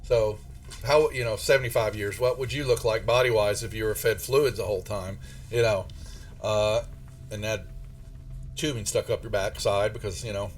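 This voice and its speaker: A man's voice: on the low side, fairly even intonation. Rambling game master man. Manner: rambling, halting, full of fillers and restarts. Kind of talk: narrating a tabletop horror game.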